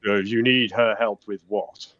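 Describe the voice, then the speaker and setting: A man game master narrating a tabletop game in a calm, descriptive way. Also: fairly low pitch, measured pace, no echo, muffled recording.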